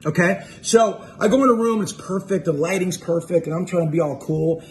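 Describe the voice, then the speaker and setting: A man with a notably high voice spins a casual anecdote about himself. He rambles and restarts, laughing at his own expense, in a loose monologue. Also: brisk, darkish tone, slight background noise. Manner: rambling, self-mocking, full of fillers. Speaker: musician telling a tour story.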